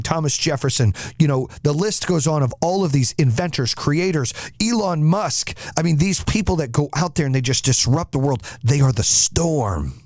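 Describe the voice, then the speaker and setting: A man's voice: mid-range voice, darkish tone, dry recording, clean studio sound. A male podcast host giving a motivational speech with emphatic, repetitive exhortations.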